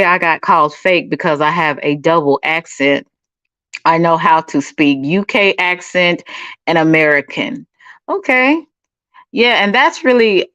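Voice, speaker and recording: A middle-aged Texan woman from Dallas hosts a livestream, reading viewer comments and chatting sassily, calling folks honey and baby. Her voice is fairly low and a bit bright, recorded dry with no room sound and a dull quality.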